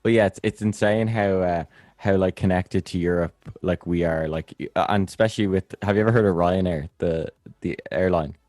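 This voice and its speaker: A man's voice: sits low, fairly even intonation, fairly quick, darkish tone, dry recording. A young Irish man hosting a podcast in casual chat, easygoing and hesitant, often restarting his sentences. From Ireland. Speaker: podcast host.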